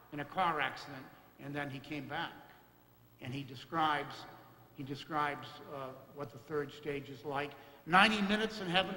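Bright-voiced priest in an echoey church. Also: male voice, fairly high pitch. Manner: folksy, halting, many fillers and restarts. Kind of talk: homily. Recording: echoey church with long reverb.

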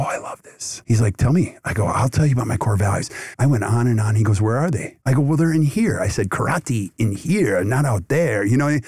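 A middle-aged man answering interview questions in an animated, talkative way. He keeps jumping into acted-out quotes with lively swings in his voice. The recording is dry and close, with no room sound. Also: mid-range voice, no echo. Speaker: podcast guest, dental industry consultant.

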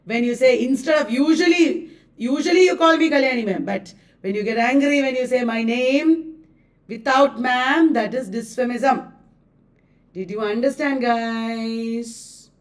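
A woman's voice: fairly high pitch, unhurried, far from the mic. A woman with an Indian English accent teaching a live online class, emphatic, repeating key phrases and checking that students understood.

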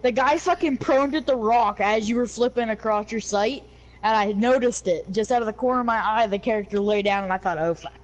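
High-voiced crude young woman gaming. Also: brisk. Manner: crude joking, giggly, swearing. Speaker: gamer. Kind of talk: casual chat while gaming.

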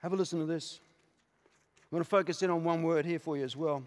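A man with an Australian accent preaching a passionate sermon as a pastor, moving from quiet, intimate asides to shouted declarations. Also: a little high, steady tone, fast. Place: large church auditorium. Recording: live church recording with long hall reverb.

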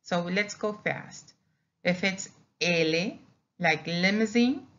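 Slow, low-pitched woman teacher. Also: expressive, a bit bright. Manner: slow, drills syllables with many "okay?" checks. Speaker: Spanish teacher. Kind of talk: recorded slideshow lesson. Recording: dull lo-fi audio.

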